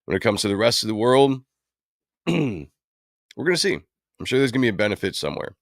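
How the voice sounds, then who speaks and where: A man's voice: fairly low pitch, big pitch swings, brisk, no room sound, studio quality. A man hosting a livestream, talking casually and at length, rambling with many fillers. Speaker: livestream host. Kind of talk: casual commentary on comic book films.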